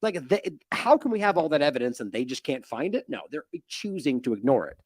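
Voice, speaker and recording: A man's voice: mid-range voice, fairly quick, no room sound, clean studio sound. A man hosting an independent news show, giving indignant, mocking commentary on the news. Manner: animated, indignant, mocking with sarcastic quotes.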